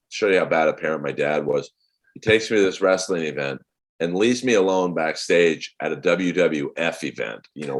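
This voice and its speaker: A comedian in his forties, a man telling rambling, animated stories as a podcast guest. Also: very deep voice. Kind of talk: casual podcast chat.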